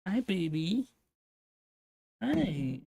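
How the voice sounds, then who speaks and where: A man streaming live, drawling along at an unhurried pace and lapsing into soft, cooing baby talk for his cat. His voice is close and dry, with no room sound around it. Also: sits high, big pitch swings, gravelly, breathy edge, no echo. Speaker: livestream host. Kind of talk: casual stream chat.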